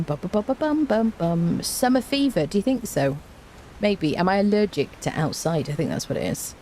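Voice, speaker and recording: Mellow-voiced woman streamer with a cold. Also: low-pitched, slight background noise. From Britain. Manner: playful, chatty, greets viewers by name. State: has a cold. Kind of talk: casual live-stream chat. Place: indoors at home.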